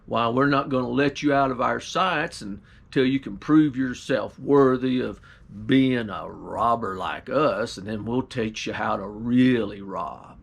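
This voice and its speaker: A man voicing dim-witted robber giants who talk slowly in rough country slang. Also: medium pitch, pitched below the performer's own voice. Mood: scheming.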